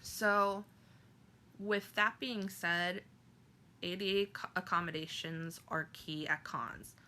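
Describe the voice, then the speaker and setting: Bright-voiced woman telling an emotional story. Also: on the low side, steady tone, a little hiss or hum. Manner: halting, emotional, many fillers and restarts. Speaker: vlogger. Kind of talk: personal storytelling to camera.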